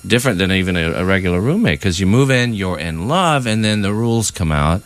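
A man doing a rambling, self-mocking stand-up bit on a radio show, slipping into quick mimicked voices. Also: sits low, animated. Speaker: stand-up comedian. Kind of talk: stand-up comedy set.

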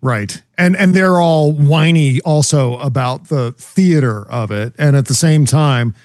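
A man co-hosting a casual political chat, giving measured, emphatic commentary. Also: a little high, darkish tone, no echo, studio quality. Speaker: podcast co-host.

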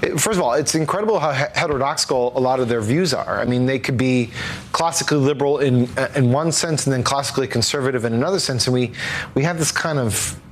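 Measured man with faint background hiss. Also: medium pitch. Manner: measured, analytical, with fillers. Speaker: political guest. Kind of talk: casual political talk.

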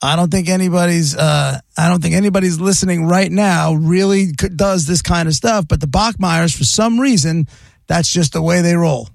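Gravelly man hosting radio. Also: high-pitched, normal speed, no room sound. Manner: loose, joking, rambling storyteller. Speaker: radio host. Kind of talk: casual sports radio banter.

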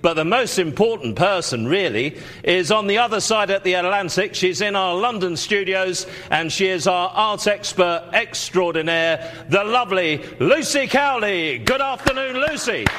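A male auction host with a somewhat high voice, talking fast and pushing viewers to call in. He leans on fillers and keeps addressing the audience. It sounds like a live TV sales pitch. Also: lively intonation. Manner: salesy, many fillers, repeats "ladies and gentlemen".

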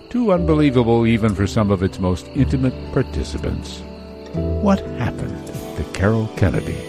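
A man narrating a news story in a dramatic, measured way. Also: on the low side. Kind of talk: scripted narration. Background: music.

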